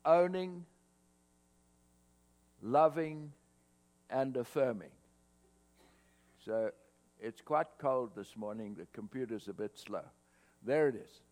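A man preaching a sermon to his congregation, swelling louder on scripture quotes. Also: mid-range voice, slow pace, long pauses. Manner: expressive preaching, rising loud on scripture quotes. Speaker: pastor. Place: church hall, cold morning. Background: mains hum.

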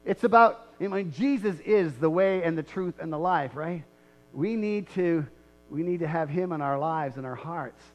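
A man's voice: on the high side, expressive, moderate pace. A male pastor preaching a sermon in a conversational way, repeating key lines and checking in with the congregation. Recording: muffled lo-fi recording.

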